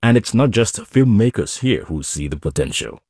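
A male reporter giving scripted news narration in a calm, clear storytelling manner. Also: lowish voice, normal speed, dry recording, clean studio sound.

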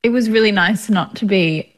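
Chatty Australian actress. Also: female voice, medium pitch, moderate pace. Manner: chatty, frequent laughter and "like" fillers. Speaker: actress, interview guest. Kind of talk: casual interview.

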